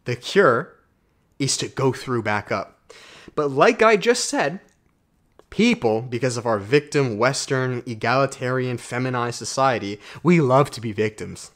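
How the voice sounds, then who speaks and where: A man's voice: animated, a little slow. Blunt, profane man giving a motivational talk. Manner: blunt, profane and emphatic, addresses viewers as guys; swings between low asides and loud outbursts. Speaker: self-development YouTuber. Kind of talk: motivational monologue to camera.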